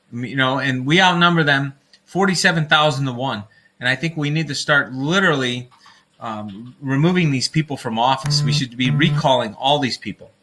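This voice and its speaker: A man with a medium-pitched, sharp-toned voice hosts a casual livestream. He rambles in a fired-up way, often breaks into laughter, and calls his listeners folks.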